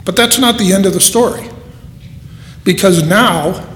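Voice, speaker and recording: A man preaching a sermon in an earnest, unhurried way, with dramatic pauses. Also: high-pitched, a bit bright, a little hiss or hum. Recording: echoey hall.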